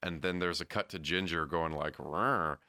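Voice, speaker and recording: A man's voice: deep voice, steady tone, a little fast, sharp tone, clear, resonant tone, no echo, clean studio sound. A man co-hosting a podcast, discussing a film in casual chat, thoughtful and hedging. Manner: thoughtful, hedging, acts out quotes. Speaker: podcast co-host.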